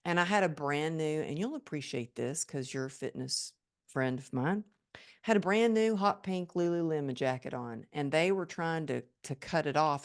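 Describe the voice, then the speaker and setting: Low-voiced woman telling her story. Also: moderate pace. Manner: animated and emphatic, acts out remembered thoughts. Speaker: podcast guest. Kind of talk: personal storytelling in a podcast interview.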